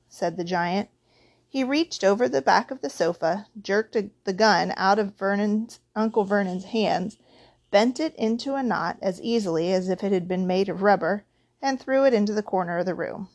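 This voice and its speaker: A woman narrates a storybook aloud, steady and expressive, at a mid-range pitch for her voice. The recording is dry and close, with no room sound. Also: moderate pace, no room sound. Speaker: audiobook reader.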